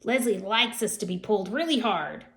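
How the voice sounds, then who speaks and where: A woman's voice: mid-range voice, lively intonation, normal speed, fairly bright tone. A woman voicing a talking pigtail that coaxes and whines, in a storybook read-aloud. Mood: persuasive. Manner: coaxing, whiny. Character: wheedling talking pigtail, coaxing and sly.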